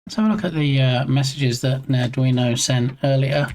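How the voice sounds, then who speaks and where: Casual streamer, mid-pitched, narrating their own troubleshooting live and chatting with viewers between steps. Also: fairly even intonation, normal speed, a little mellow. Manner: muses to self, reads screen text aloud, chats with viewers. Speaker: game dev streamer. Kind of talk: live-stream thinking aloud while troubleshooting. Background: headphones on.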